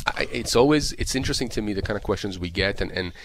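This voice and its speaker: Guy on a radio call-in, low voice, explains stuff emphatically, lots of "you know". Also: expressive, quick pace, a little hiss or hum. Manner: emphatic, repetitive explaining with many fillers. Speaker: disability lawyer guest expert.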